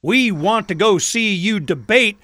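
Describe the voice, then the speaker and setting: A bright, high-pitched man hosts a talk radio show in a casual, animated way. He mocks officials by slipping into voices to imitate them. His voice sounds dry and close to the mic. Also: unhurried, no room sound. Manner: animated, mocking, puts on voices to mimic officials.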